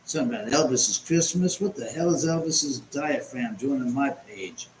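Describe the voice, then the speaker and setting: A man's voice: mid-range voice, animated, normal speed, roomy sound, a little hiss or hum, poor audio. A man hosting a casual livestream chat from home, rambling and sarcastic and swearing often. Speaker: livestream host.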